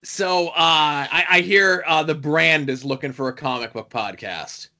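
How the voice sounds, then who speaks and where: A man's voice: on the high side, unhurried, sharp tone, dull audio. A man co-hosting a podcast, chatting casually and rambling with many fillers and asides. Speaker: podcast co-host.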